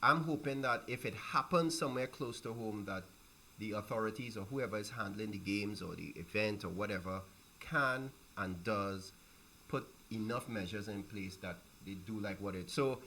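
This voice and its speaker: Trini guy co-hosting sports talk, bright voice, lots of um and restarts, faint hum behind. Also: lowish voice, moderate pace, low-quality recording. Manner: hesitant restarts, explanatory. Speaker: co-host of sports talk show.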